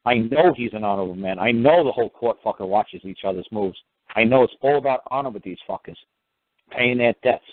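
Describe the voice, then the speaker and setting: A medium-pitched man hosts a call-in radio show, briskly answering callers in a blunt, profane, lecturing manner. The audio is dry and tinny, like a phone line.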